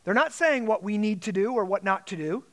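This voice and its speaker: High-pitched guy preaching, big emphatic delivery, acts out little quotes. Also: expressive, fairly quick, a bit bright. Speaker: pastor. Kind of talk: sermon.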